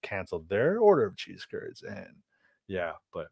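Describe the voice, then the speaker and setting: A young man co-hosting a podcast, telling a rambling story in an animated, exasperated way. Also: low-pitched, moderate pace, vocal fry, slightly rough, no room sound, studio quality. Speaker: podcast co-host. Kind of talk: casual storytelling chat.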